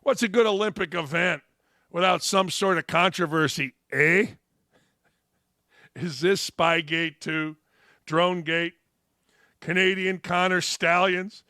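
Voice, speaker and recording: High, bright-voiced sarcastic male sports host. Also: steady tone, slow, pauses often, dry recording, studio quality. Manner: mocking, swings into loud shouted bursts. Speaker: sports talk show host. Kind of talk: sarcastic sports talk monologue.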